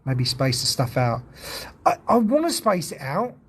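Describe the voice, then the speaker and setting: Brief: male streamer, husky and high, chatty, easily spooked. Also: huge pitch swings, measured pace, fairly bright tone. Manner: chatty, jumpy, swears when startled. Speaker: ghost-hunting livestreamer. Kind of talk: casual livestream chat.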